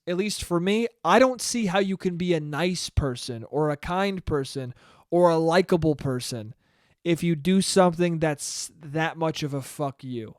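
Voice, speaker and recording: A man's voice: high voice, no echo, clean studio sound. A man hosting his own solo podcast, talking casually in a rambling, profane, self-deprecating way. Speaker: podcast host.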